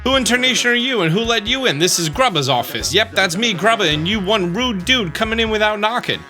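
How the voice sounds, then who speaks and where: A man's voice: sits high, lively intonation, fairly quick, music in the background, voice pushed up. A man voicing a folksy older male Texan fight promoter in a video game, with a drawling, slang-heavy delivery. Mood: gruff.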